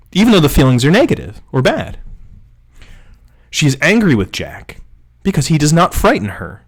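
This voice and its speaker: Lively low-voiced man giving a playful lecture. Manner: playful, wry asides while reading aloud. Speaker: rhetoric professor. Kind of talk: close reading lecture. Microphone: desk mic, livestream.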